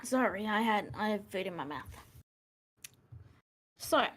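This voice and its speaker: A woman running a tabletop role-playing game, narrating scenes and asking players for decisions in a relaxed manner. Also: mid-range voice, fast. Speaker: game master.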